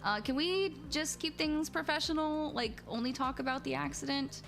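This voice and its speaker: A woman's voice: high-pitched, normal speed, gravelly, fairly bright tone, soft background music, pitched above the performer's own voice. A woman reading the lines of an uneasy young woman, hesitant and awkward.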